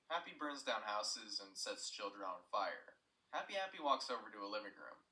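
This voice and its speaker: A man's voice: lowish voice, sing-song, moderate pace, bright, forceful tone, roomy sound, recorded from a distance, poor audio. A young man retelling a story in scripted narration, plain and matter-of-fact with asides.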